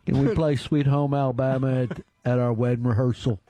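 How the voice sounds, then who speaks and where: A man's voice: mid-range voice, steady tone, brisk, mellow, dull audio, voice pushed down, close to an everyday voice. A radio host voicing a crude, goofy southern redneck man with a put-on Southern accent, wooing in a sing-song way during a comedy radio bit. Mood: lovesick. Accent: put-on American Southern.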